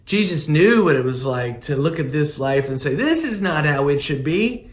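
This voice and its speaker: A man's voice: fairly high pitch, sing-song. Earnest man preaching in an echoey room. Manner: earnest, emphatic preaching with pauses. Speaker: pastor. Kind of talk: sermon.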